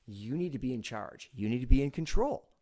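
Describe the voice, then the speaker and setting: Guy giving sales tips, chatty coach voice, jumps loud when he acts stuff out. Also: mid-range voice, brisk. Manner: animated, acts out meeting lines with sudden loud bursts; conversational, coaching in second person. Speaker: sales coach and show host. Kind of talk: direct-to-camera advice talk.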